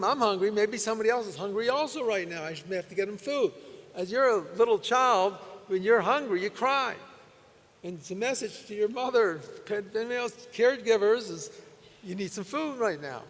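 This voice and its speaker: High-voiced older rabbi in echoing hall. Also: male voice. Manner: folksy storytelling with soft laughs. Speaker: rabbi speaker. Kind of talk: Torah lecture. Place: convention hall. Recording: long hall reverb.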